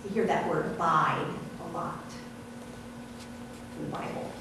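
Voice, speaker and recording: A woman pastor giving a sermon in a measured, explaining way with light asides, in a church sanctuary. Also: low voice, noisy background. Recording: echoey hall from far off.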